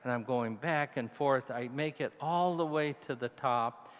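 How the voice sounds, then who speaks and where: A male deacon tells his story slowly, from the pulpit of a church with a long, ringing reverb. His voice sits in a middle range but leaps way up when he recalls moments of fear, then sinks low and hushed. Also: clear, resonant tone, muffled recording. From Italian heritage. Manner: storytelling, animated, voice jumps high when retelling fear. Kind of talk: mission talk, personal story.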